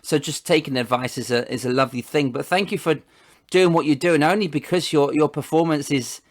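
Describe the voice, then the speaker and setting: A man's voice: a little high, fairly quick. A man hosting a casual interview over a video call, rambling and often restarting his words. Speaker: host.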